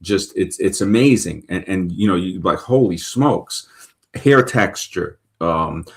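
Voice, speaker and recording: Low-voiced New host, chatty and rambling, trips over his own words. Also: a little slow. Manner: rambling with many restarts and stammered repeats. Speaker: show host. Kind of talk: casual talk-show conversation.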